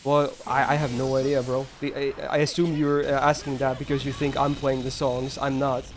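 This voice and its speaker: A man's voice: medium pitch, little pitch movement, moderate pace. A man streaming a game live, ranting emphatically and answering his chat.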